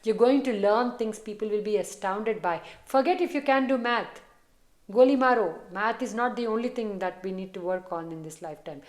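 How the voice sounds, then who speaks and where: A chatty woman reads tarot for her viewers in an encouraging, easygoing way, and now and then her voice sinks to a soft murmur. Her voice sits at a middling pitch. It is recorded on a phone in a noticeably echoey room. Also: fairly quick, few pauses. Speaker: tarot reader. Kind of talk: casual tarot reading to camera. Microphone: phone camera.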